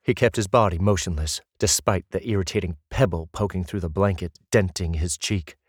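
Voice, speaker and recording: A man narrating a fantasy audiobook in an even, measured way. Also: sits low, breathy edge, no room sound, clean studio sound.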